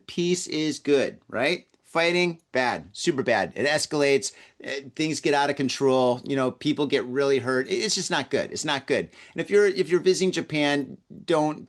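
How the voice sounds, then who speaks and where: A man hosting a podcast, telling a story in a casual, rambling way, often repeating words and acting out the people he quotes. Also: mid-range voice. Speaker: podcast host. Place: lives in Tokyo.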